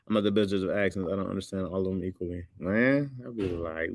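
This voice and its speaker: A man with a Michigan accent chatting casually with viewers, loose and joking, a little tired, often mimicking other accents with sudden high squeaks. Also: quick pace, no echo. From Midwest. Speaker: livestream host.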